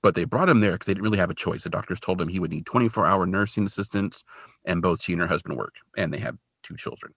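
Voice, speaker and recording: A man co-hosting a podcast, recapping an episode in casual, animated storytelling full of "like". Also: low-pitched, quick pace, husky, no room sound, clean studio sound. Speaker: podcast co-host.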